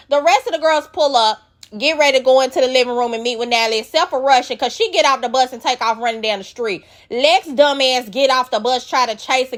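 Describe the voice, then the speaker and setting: A woman's voice: high-pitched, a bit bright. A woman recapping a reality show, blunt, profane and opinionated. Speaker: recap vlogger.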